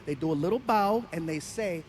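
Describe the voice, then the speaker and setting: A man doing stand-up comedy on a theater stage, with an animated, playful storytelling delivery into a handheld mic. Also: on the high side, brisk, a little hiss or hum. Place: theater stage before an audience.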